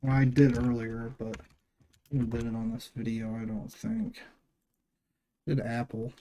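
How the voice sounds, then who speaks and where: At a measured pace, a man on his own channel narrates a casual screen-share walkthrough in a warm, medium-pitched, level voice. He rambles along with many fillers and restarts.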